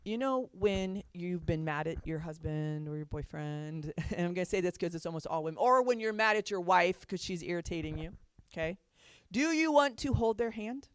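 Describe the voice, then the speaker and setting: A woman's voice: on the low side, lively intonation, moderate pace, clear, resonant tone, dry recording, clean studio sound. A woman counselor giving a chatty talk on parenting to an audience, laughing often as she makes her points.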